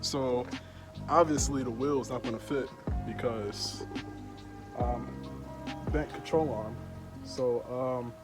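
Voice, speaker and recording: A man's voice: mid-range voice, slow pace, long pauses, music in the background. A young man vlogging casually while working on his car, with loose slangy talk and a bit out of breath under a mask. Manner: laid-back slangy talk. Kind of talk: casual vlog narration.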